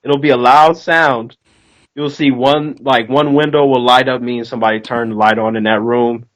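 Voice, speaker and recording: A man's voice: mid-range voice, normal speed, poor audio. A man chatting casually about a TV show, telling stories animatedly and acting out the voices of people in them. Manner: animated storyteller, acts out quotes loudly. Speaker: co-host. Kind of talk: casual chat.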